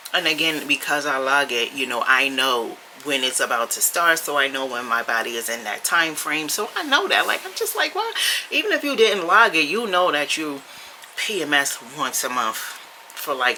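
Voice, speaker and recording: A woman's voice: a bass voice, sharp tone, a little hiss or hum, low-quality recording. A woman talking casually to her camera as a vlogger, chatty, blunt and sassy. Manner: chatty, blunt and sassy, with frequent laughs and mild swearing.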